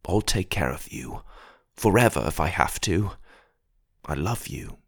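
A man's voice: medium pitch, big pitch swings, moderate pace, pitched above the performer's own voice, lightly acted. A man voicing an earnest young fairy leader. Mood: tender.

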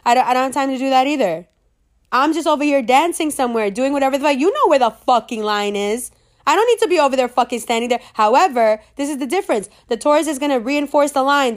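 A woman's voice: high-pitched, fairly quick. A woman ranting casually to camera, brash and sassy, swearing freely and laughing at her own jokes.

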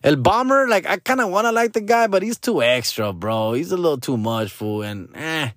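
Facing the camera, a Los Angeles man who vlogs as a sports fan launches into a casual monologue rant loaded with profanity and slang, repeatedly calling the listener "dog" or "fool." His voice is on the high side, expressive and a bit bright, at normal speed, in a clean studio with no room sound.

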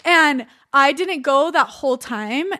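A woman's voice: sits high, slow, bright, forceful tone. A young woman, a podcast guest, telling her personal story in a chatty, candid way full of "like" and "you know".

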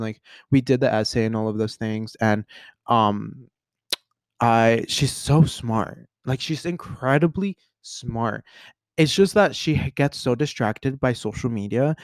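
A man's voice: mid-range voice, a little slow, no room sound. A man hosting a casual solo podcast, talking in an earnest, rambling way full of fillers and restarts. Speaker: podcast host.

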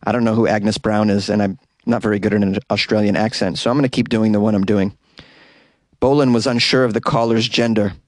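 A man's voice: lowish voice, steady tone, brisk, no room sound. A man hosting a podcast, casually reading odd news stories and stumbling over hard words. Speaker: podcast host.

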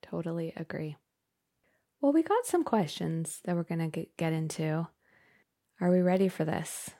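Low gravelly woman co-hosting a podcast. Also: animated, normal speed, mellow. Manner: enthusiastic, reads listener questions aloud. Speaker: podcast co-host. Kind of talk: casual podcast chat.

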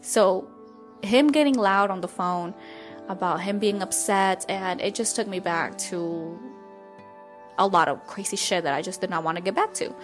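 A woman hosting a podcast, telling a story in a casual monologue. She is candid and blunt, swears freely, and tells it with animated energy. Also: medium pitch, moderate pace, over music. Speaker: podcast host.

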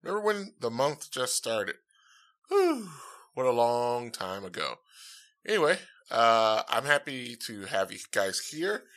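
Upbeat podcast host with a bright voice. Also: male voice, mid-range voice, big pitch swings, a little slow. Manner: rambling, upbeat, lots of fillers. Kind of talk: casual solo podcast chat. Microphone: dynamic podcast mic.

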